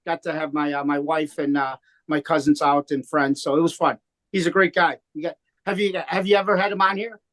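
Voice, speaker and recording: A comedian with a high voice chats in an interview. He talks loosely and rambles, circling back with lots of "uh" and restarts. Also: little pitch movement, fairly quick, fairly bright tone. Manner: rambling, many restarts and fillers. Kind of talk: casual interview chat.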